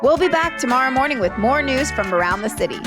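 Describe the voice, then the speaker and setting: Bright-voiced woman hosting a podcast. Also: sits high, lively intonation, fast talker, music in the background. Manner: upbeat, encouraging reactions. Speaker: podcast host. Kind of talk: interview and show outro.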